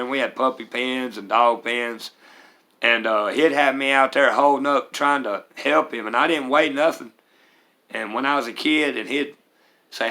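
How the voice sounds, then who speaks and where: A Mississippi man in his forties, a vlogger, shares his recovery and life story candidly and plainly, with hesitant fillers. His voice is medium-pitched with a sharp tone.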